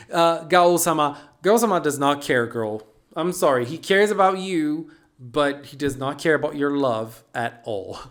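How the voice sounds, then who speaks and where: A channel host giving a casual, chatty recap of an anime episode, playful and lively, with sassy asides. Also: medium pitch.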